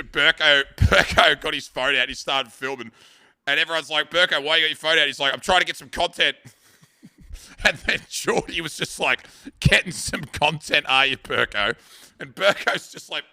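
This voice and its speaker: A man's voice: fairly high pitch, sharp tone. A young Australian man streaming, telling crude stories to his chat and often laughing while he talks. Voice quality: crude, swears freely, laughs through stories. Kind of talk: casual live-stream storytelling.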